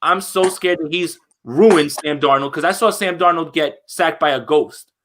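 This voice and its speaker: Bright-voiced man in casual sports chat. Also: on the high side, moderate pace, a little hiss or hum. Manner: animated, opinionated, many restarts. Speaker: podcast co-host.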